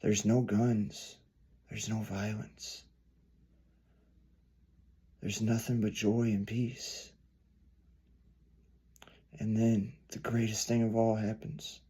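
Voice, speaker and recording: A man preaching a storytelling sermon, earnest, swelling louder then dropping soft. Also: lowish voice, flat delivery, slow pace, long pauses, breathy edge.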